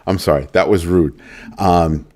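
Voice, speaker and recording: A man's voice: low-pitched, fairly even intonation, measured pace, dark tone. A man hosting a crypto news livestream in a casual commentary style. He banters jokingly with viewers in the chat and keeps repeating the catchphrase "just saying.".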